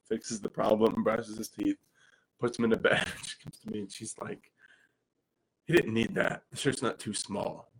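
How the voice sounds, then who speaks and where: A man, telling personal stories as a father in an animated way, with frequent restarts. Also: fairly low pitch, slightly rough, poor audio. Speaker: speaker and father. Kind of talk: personal storytelling talk.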